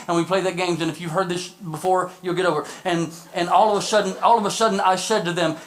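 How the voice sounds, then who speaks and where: A male pastor preaching a sermon in a church service, shouting passionately with repeated phrases, then slipping into quick, joking stories. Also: high voice, steady tone, poor audio. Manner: drops into quick, joking storytelling.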